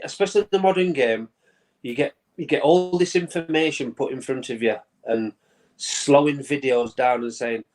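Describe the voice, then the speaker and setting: A man in his fifties from England talks over a video call from a small room at home. He tells his stories in a loose, chatty way, laughing often and doubling back on his words. His voice sits at an ordinary middle pitch. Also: moderate pace, rough recording. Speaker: former goalkeeper, guest. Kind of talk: casual interview chat. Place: brother-in-law's man cave at home.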